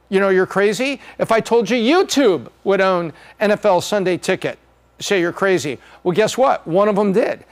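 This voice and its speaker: A man hosting a podcast, talking casually through slides and acting out little jokey voices. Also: high voice. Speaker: podcast host.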